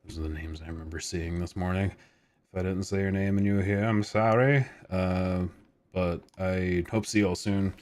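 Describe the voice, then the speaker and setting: A man in his thirties chatting casually on a live stream, rambling, laid-back and swearing freely. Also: sits low. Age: 30s.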